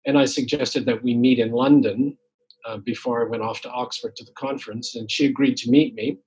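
A man's voice: mid-range voice, fairly even intonation, brisk, darkish tone, slightly rough, low-quality recording. A man in his sixties, a retired academic poet, telling his story in casual conversation with many fillers and restarts. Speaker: guest poet. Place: home, tree shredding outside.

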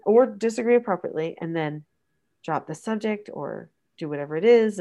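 A middle-aged woman coaching parents, speaking in an earnest, instructive way and acting out gentle prompts to a child. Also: lowish voice. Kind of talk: teaching conversation.

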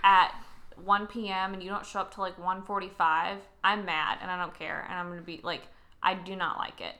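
A young woman with a bright, forceful voice co-hosts a casual podcast. She talks in an animated way, laughs easily and rants with real feeling. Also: fairly low pitch, moderate pace. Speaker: podcast co-host. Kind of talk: casual chat.

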